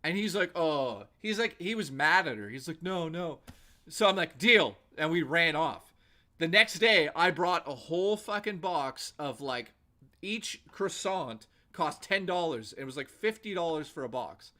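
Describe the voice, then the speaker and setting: Bright, forceful man telling stories. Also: fairly high pitch, expressive, unhurried. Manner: profane, rambling anecdotes full of "like". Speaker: host. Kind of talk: casual livestream storytelling.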